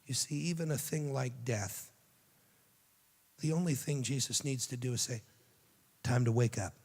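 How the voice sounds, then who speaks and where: A man giving a youth sermon, telling the story dramatically and dropping to a hushed, tender voice for quoted lines. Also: mid-range voice, unhurried, vocal fry, long reverb tail. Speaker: youth speaker.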